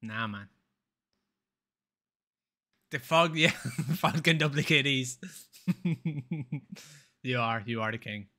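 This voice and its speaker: A man's voice: medium pitch, takes it slowly, pauses often, pushed and bright. A man chatting casually on a live game stream, rambling, swearing freely and laughing often.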